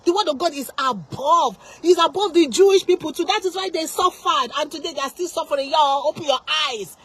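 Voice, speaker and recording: A woman's voice: high-pitched, fairly quick. A woman preaching an informal sermon, impassioned and full of repeated rhetorical questions.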